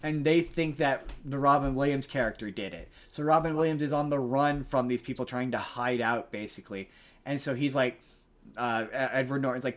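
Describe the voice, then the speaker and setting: A man's voice: mid-range voice, brisk. A young adult man hosting a podcast, casually recapping a movie plot in a rambling way. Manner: rambling, many restarts and fillers. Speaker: podcast host.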